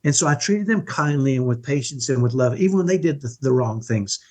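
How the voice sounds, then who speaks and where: A man's voice: mid-range voice, expressive, a little fast. A middle-aged man speaking as a podcast guest in an earnest, emphatic way, often checking in with "right?". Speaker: podcast guest, parenting coach. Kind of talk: conversational interview.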